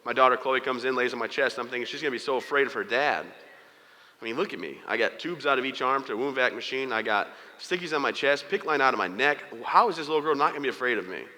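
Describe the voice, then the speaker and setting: A man's voice: mid-range voice, expressive, quick pace, pushed and bright. A man giving a candid, joking motivational talk, telling his own story to an audience in a large event hall. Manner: candid, joking, acts out quoted dialogue. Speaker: motivational speaker. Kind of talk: personal storytelling speech to an audience. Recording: hall reverb.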